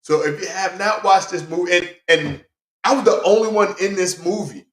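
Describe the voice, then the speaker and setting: Rambling excitable man reviewing movies. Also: high-pitched, normal speed, reverberant. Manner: rambling and excitable, many fillers and restarts.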